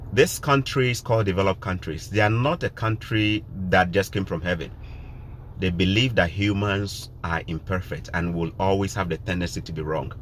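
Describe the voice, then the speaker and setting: A man's voice: sits low, fairly bright tone, a little hiss or hum. A man from Ghana with a Ghanaian accent, talking to his viewers in a casual live stream, emphatic and preachy, repeating his points. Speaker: vlogger.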